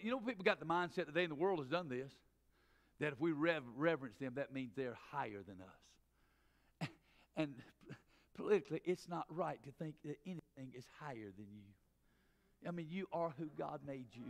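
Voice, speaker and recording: A middle-aged man, a pastor preaching a sermon in church, swinging between loud emphatic preaching and quick low asides. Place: church sanctuary.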